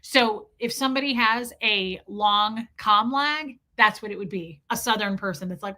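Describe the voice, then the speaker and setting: A woman from the US Midwest chatting fast on a live stream, telling stories, swearing, and reading chat names. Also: medium pitch, pushed and bright. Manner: fast-talking, swearing, laughing storyteller.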